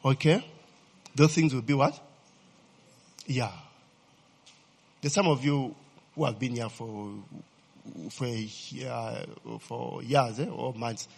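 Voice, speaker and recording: Slow and husky with vocal fry and long pauses, this mid-range male voice belongs to a pastor preaching animatedly in a church hall. He quizzes the congregation, asks them to supply missing words, and keeps adding "eh?" to his lines, all under the hall's long reverb.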